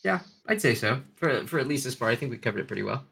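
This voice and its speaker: A man's voice: mid-range voice, expressive, fast, creaky, a bit bright, breathy edge. A man co-hosting a casual podcast chat who jokes around, laughs easily and swears offhandedly. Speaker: podcast co-host.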